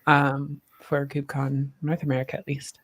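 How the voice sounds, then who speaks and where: A man's voice: medium pitch, monotone, normal speed, fairly bright tone. A man chatting casually on a tech livestream, telling anecdotes and making self-deprecating remarks.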